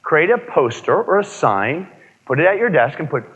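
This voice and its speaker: A man giving a live motivational seminar, energetic, asking the room questions and repeating key points. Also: on the high side, moderate pace, husky. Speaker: motivational speaker. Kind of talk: live seminar talk to an audience. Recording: dull lo-fi audio with long reverb.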